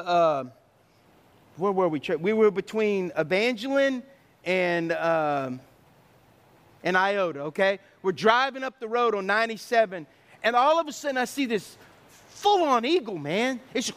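A man's voice: sits high, expressive, measured pace, a bit bright. A middle-aged man preaching a sermon, telling stories with sound effects and acted asides. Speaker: pastor.

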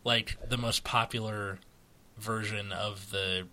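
A man's voice: fairly low pitch, steady tone, slow pace, sharp tone. An American man co-hosting a casual chat, rambling with many fillers and restarts. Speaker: podcast co-host. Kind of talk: casual chat about a card game.

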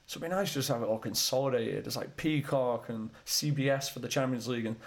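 A man with a gravelly edge to his mid-pitched voice hosts a casual soccer podcast. He talks in a chatty, teasing way. The recording comes from a small room lined with soundproofing foam. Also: fast. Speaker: podcast co-host. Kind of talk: casual chat.

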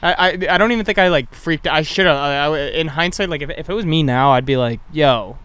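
A man's voice: on the high side, fairly quick, a bit bright, clear, resonant tone. A young man chatting casually, rambling through crude stories and acting out what people said. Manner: rambling, crude storytelling with voiced quotes. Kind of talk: casual chat.

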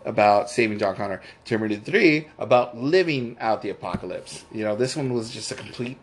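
A man's voice: fairly low pitch, animated, fairly quick. A man co-hosting a casual movie-review chat, rambling with frequent restarts and fillers, and laughing easily. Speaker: podcast co-host.

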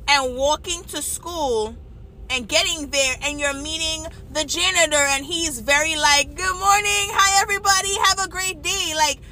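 A young adult woman, casually telling her story straight to viewers in an animated, chatty way. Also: fairly high pitch. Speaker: vlogger.

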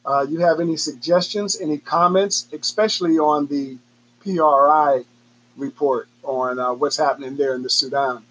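A man's voice: a little high, steady tone, moderate pace, fairly bright tone, a little hiss or hum, rough recording. A man hosting his own podcast, rambling casually through announcements and a sign-off with frequent fillers. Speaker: podcast host.

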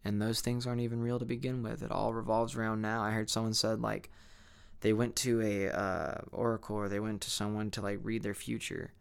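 Young guy vlogging, kinda sleepy, rambling and candid, smooth clear voice. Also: lowish voice, flat delivery, brisk. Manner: candid, rambling, many fillers and restarts. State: sleepy, yawning. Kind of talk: rambling reflective monologue.

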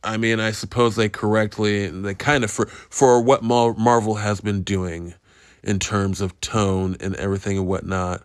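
A man's voice: lowish voice, little pitch movement, normal speed, clean tone, no room sound, clean studio sound. Rambling, profane male podcast host. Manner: rambling, profane, self-interrupting. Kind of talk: casual solo movie review podcast.

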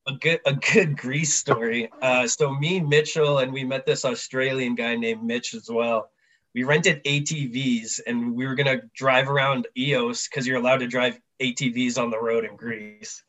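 A man's voice: mid-range voice, normal speed. Young Canadian man telling travel stories. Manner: animated storyteller, acts out quoted people. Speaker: podcast guest. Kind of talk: casual chat.

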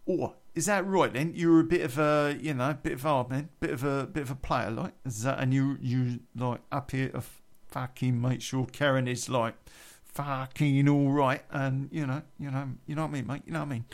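A man's voice: mid-range voice, fairly even intonation, normal speed, close to an everyday voice. A man doing a brash Cockney lad. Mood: cocky. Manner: cocky, rambling, swearing.

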